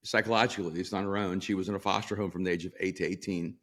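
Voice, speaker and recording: Low-voiced older man telling stories. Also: steady tone, very fast. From El Salvador. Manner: warm storyteller, laughs often, many ums and restarts. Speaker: pastor and author. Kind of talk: storytelling in a sit-down interview.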